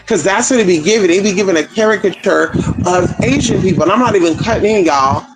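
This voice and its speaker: Over music in a rough recording, a man hosts a livestream and talks fast, sharing gossip in a sassy, casual way. His pitch swoops as he calls listeners girl and honey.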